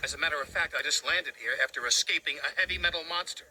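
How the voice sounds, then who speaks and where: A man's voice: a little high, fast, background noise, close to an everyday voice. A man voicing a weary, exasperated tiny magical conductor. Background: music.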